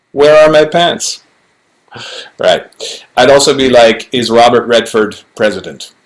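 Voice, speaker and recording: A middle-aged actor chatting alone to a webcam during a fan Q&A, playful and rambling with self-mocking asides, recorded on low-quality livestream audio. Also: male voice, a bit bright. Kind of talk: casual chat to webcam. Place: home, alone in front of a camera.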